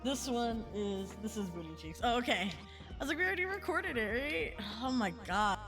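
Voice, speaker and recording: A woman streaming a game, excitable and swearing, with loud outbursts and giggles, saying she is high. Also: moderate pace, over music. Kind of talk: casual gameplay streaming.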